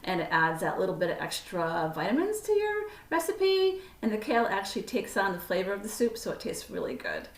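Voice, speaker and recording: A woman's voice: medium pitch, sing-song, fairly quick, few pauses. A woman giving a casual cooking demonstration in her home kitchen, chatty and self-correcting as she works. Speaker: cooking instructor. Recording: roomy kitchen sound from a distant camera mic.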